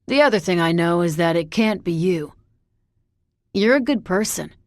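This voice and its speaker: A woman's voice: on the low side, lively intonation, normal speed, a little mellow, no echo. A woman reading the part of a brooding young man in an audiobook, speaking with earnest urgency. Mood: earnest urging.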